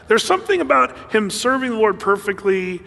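High-voiced preacher in a reverberant hall. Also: male voice, normal speed, vocal fry. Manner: conversational, animated, with laughs and fillers. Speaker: pastor. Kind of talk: sermon.

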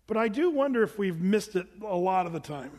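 Male preacher, high voice, chatty and playful, booming hall reverb. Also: big pitch swings, a little fast, darkish tone. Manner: informal, joking asides, acts out the people in the stories. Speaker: pastor. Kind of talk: conversational sermon.

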